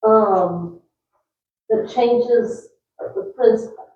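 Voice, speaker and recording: A woman student in a class, asking questions and restating the teacher's points out loud to check her understanding. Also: on the high side, extremely slow, recorded from a distance. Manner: thinking aloud, restating points to check them. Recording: dull, roomy sound from across the room.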